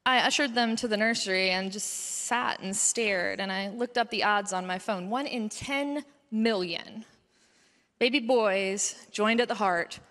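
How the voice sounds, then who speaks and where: A woman's voice: medium pitch, measured pace, fairly bright tone. A woman pediatrician in her thirties giving an earnest personal testimony at a mission conference, her voice rising as the story grows emotional. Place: large conference hall. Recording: long hall reverb.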